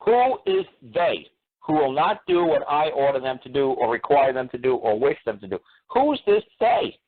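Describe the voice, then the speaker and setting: A man's voice: medium pitch, normal speed. A man lecturing on a call-in radio show, combative and blunt, hammering listeners with repeated rhetorical questions and swearing. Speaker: radio talk show host. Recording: tinny phone-line radio audio.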